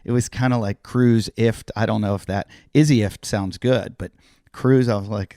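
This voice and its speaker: Middle-aged man telling a lively story. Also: fairly low pitch, normal speed, dry recording, studio quality. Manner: animated storyteller acting out other people's lines; swears casually. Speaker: podcast host and comedian. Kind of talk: casual storytelling chat.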